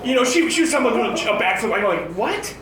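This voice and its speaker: A man's voice: very high voice, lively intonation, racing, fairly bright tone, recorded from a distance. A man in his thirties telling rambling family stories at an open mic, often restarting his sentences. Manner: rambling storytelling with frequent restarts. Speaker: stand-up comedian. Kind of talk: stand-up comedy set. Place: bar open mic stage, indoors. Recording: echoey room, voice off-mic, noisy.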